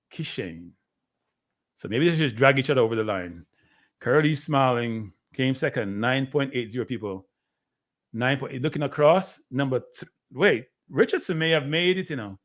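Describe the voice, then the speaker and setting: Jamaican male streamer, animated race caller, talks straight to his viewers. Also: mid-range voice. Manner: excitable, chatty, calls out to viewers. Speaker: livestream host. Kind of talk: live sports watchalong commentary.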